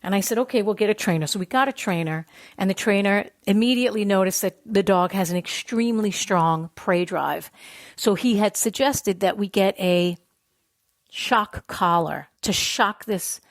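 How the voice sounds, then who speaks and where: Animated woman telling a story. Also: medium pitch, normal speed, no room sound. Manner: animated, acts out quoted voices. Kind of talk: casual storytelling. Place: New York City.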